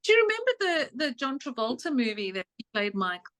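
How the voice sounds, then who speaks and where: A woman's voice: high-pitched, big pitch swings, fast, fairly bright tone. South African woman chatting as a psychic guest. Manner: chatty, laughs easily, repeats phrases. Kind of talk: casual interview chat.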